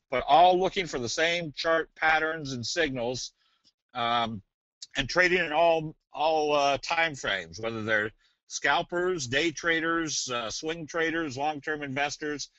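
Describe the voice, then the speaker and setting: A man presenting a trading webinar in a casual, folksy, joking way with a salesy pitch. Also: bright, forceful tone, dry recording. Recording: dull dry webinar audio.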